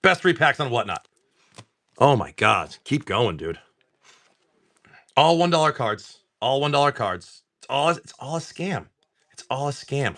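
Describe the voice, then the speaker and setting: A man's voice: mid-range voice, fairly bright tone. A man hosting a casual livestream, opening card packs, often swearing and exclaiming over the pulls.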